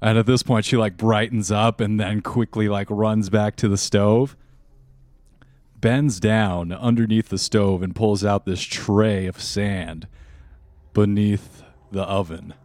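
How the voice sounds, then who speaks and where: A man's voice: on the low side, steady tone, slow, a little mellow, dry recording. A man narrating as game master in a tabletop game, casual with many fillers.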